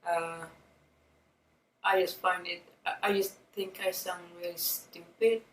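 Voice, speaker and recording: A woman's voice: lowish voice, flat delivery, takes it slowly, reverberant, recorded from a distance, slight background noise, low-quality recording. A young woman from Sweden with a Swedish accent, chatting frankly as she does her makeup for a beauty vlog, swearing freely and laughing often. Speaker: beauty vlogger. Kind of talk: chatty get-ready-with-me vlog. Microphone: camera-mounted mic, a little far.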